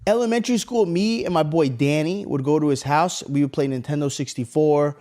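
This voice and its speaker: A man in his thirties co-hosting a podcast, telling animated, profanity-laced stories and acting out the voices in them. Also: on the high side, a little fast. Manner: animated, swears a lot, acts out voices in stories. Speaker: podcast co-host. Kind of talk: casual storytelling chat.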